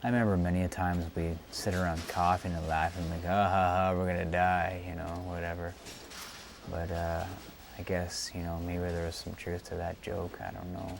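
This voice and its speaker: A man interviewed for a documentary, speaking reflectively and hesitantly with many pauses and fillers. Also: low voice, little pitch movement, creaky, noisy background. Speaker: friend interviewee.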